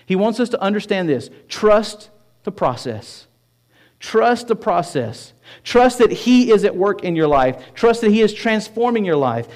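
A middle-aged male pastor from Tennessee preaching a sermon, telling stories with self-deprecating humor and emphatic repetition. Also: fairly high pitch.

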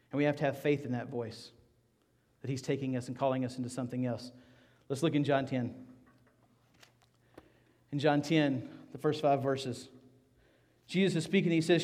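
A middle-aged man preaching a sermon, rising loud for scripture reading and dropping to soft, hushed appeals. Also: fairly high pitch. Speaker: pastor.

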